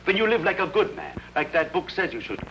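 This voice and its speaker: An actor playing a teasing, skeptical grocer in an old film, sarcastic and joking. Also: male voice, high-pitched, sing-song, a little fast, fairly bright tone, a little hiss or hum, rough recording. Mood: mocking. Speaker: shopkeeper. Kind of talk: 1950s film acting.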